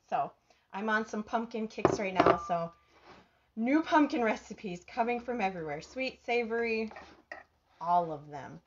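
A woman's voice: medium pitch, lively intonation, normal speed, lo-fi sound, a little hiss or hum. A chatty, bubbly woman with a Minnesotan accent, hosting a live cooking stream and reading viewers' comments aloud. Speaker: cooking show host.

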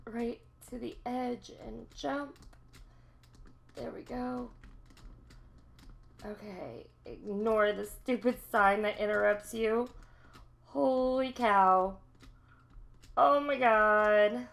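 A young woman hosting a gaming channel, giving excitable let's-play commentary, talking to herself and laughing often. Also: a little high, slow pace, creaky, long pauses.

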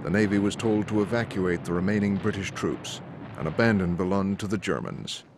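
Deep-voiced man narrating, grave. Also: fairly even intonation, fairly quick, background noise. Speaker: documentary narrator. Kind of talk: scripted narration. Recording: narration over loud music.

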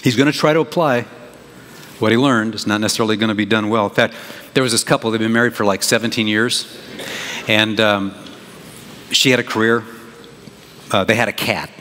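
A pastor preaching a sermon in an animated, conversational way, with big jumps in emphasis. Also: male voice, lowish voice, a little fast, pauses often. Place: church sanctuary. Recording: reverberant church hall, faint noise.

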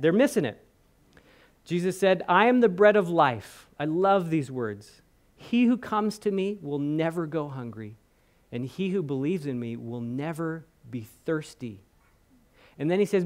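A man preaching a sermon in a church, retelling scenes with chatty asides and acted-out quotes. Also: high voice. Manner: animated storytelling, voicing the crowd and speaking in asides. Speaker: pastor.

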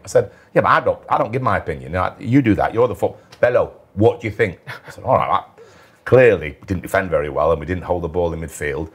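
A man who chairs a football club, telling animated anecdotes in a casual interview and mimicking the people he quotes. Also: low voice, fast talker, slightly rough.

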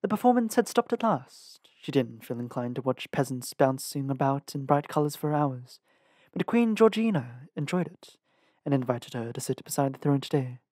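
Man, audiobook narration, steady reading, middle pitch, dry room. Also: normal speed, no room sound. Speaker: audiobook reader.

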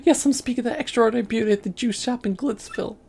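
A man voicing a brash, lovesick young male bomb creature in a much higher, squeaky voice. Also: racing, gravelly, darkish tone, slightly rough, full character voice.

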